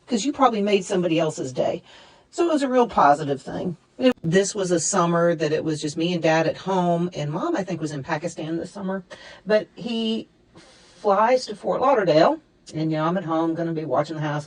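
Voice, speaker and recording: A woman's voice: fairly low pitch, animated, brisk, rough recording. A woman in her fifties telling funny stories about her late father at a memorial service, laughing often as she goes. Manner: warm storytelling with frequent laughter. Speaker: eulogy speaker. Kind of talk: memorial storytelling. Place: fellowship hall.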